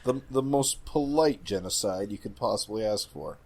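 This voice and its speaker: A man's voice: on the low side, lively intonation, moderate pace, vocal fry, darkish tone. A man co-hosting a casual podcast chat, tossing in dry wisecracks and often restarting his sentences. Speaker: podcast co-host.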